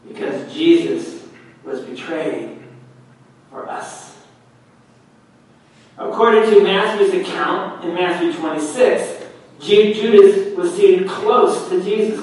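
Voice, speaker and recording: Slow, echoey preaching man. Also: high-pitched. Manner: slow, emphatic preaching that often drops to a hush. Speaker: pastor. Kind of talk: sermon. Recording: very echoey room, heard from a distance.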